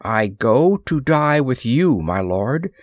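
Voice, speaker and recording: A man voicing a young alien princess who speaks simply, formally and with quiet devotion. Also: mid-range voice, very animated, slow pace, dry recording, clean studio sound, voice pushed up. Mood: calm devotion. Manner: simple, earnest, formal speech.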